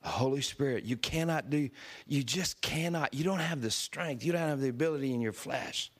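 Male preacher in his usual pitch, lively storyteller who laughs and acts out voices. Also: moderate pace. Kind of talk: storytelling sermon.

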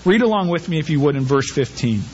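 A pastor preaching a sermon, animated and conversational, asking the listeners rhetorical questions. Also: male voice, fairly high pitch, fast, lo-fi sound, slight background noise.

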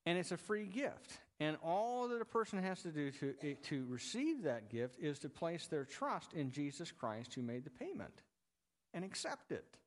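A man preaching a sermon as pastor, in a relaxed conversational way that jokes with the congregation. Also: on the high side, moderate pace, in a large hall.

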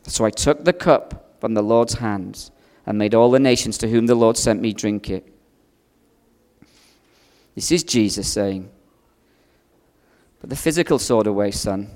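A man preaching a sermon, telling a personal story with strong swings between loud and hushed delivery. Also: fairly low pitch, a little slow, long pauses, long reverb tail. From outside America.

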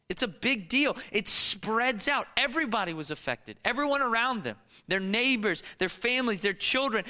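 Male pastor preaching a sermon, high and very bright voice, emphatic, repeats his questions.

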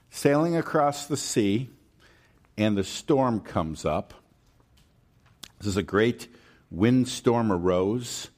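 A man preaching a sermon in a conversational, storytelling way, checking in with his listeners and acting out scenes with lively voices. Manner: animated storytelling, acting out the disciples' panic in a high voice.

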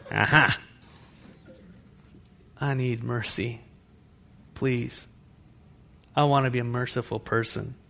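Gravelly-voiced pastor preaching a sermon. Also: male voice, medium pitch, slow pace, long pauses. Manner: animated preaching with asides to the congregation. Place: church sanctuary with congregation.

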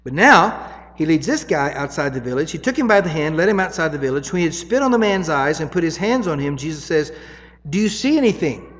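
A man's voice: fairly high pitch, animated, fast, few pauses, a bit bright, big-room sound. A man preaching a sermon in an easy, conversational teaching way, often checking in with "right?".

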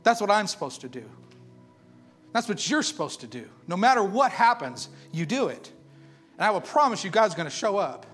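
A man preaching a sermon with passion, firing rhetorical questions and swinging between loud declarations and hushed intensity. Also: high-pitched, big pitch swings, normal speed, breathy edge, soft background music.

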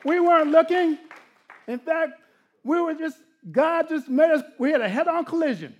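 A middle-aged man preaching a sermon, telling personal stories with frequent laughter and sliding from animated bursts into hushed, intimate passages. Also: extremely high pitch, moderate pace, dull audio. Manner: animated storytelling that drops to hushed, intimate tones. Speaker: pastor.

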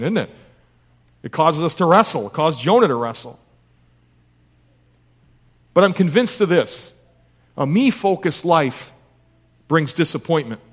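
Guy preaching a sermon, earnest, lots of questions, kinda higher voice. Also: fairly bright tone. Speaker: pastor.

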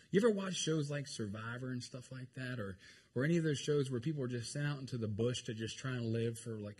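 A man preaching a lively, joking sermon to his congregation. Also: medium pitch, breathy edge. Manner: animated, jokey, talks to the congregation. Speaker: pastor.

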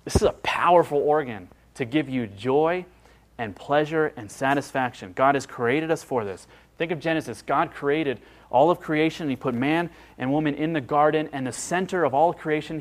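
A man preaching a sermon as pastor, in an emphatic, conversational way that repeats phrases for stress and asks the listeners questions. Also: fairly high pitch.

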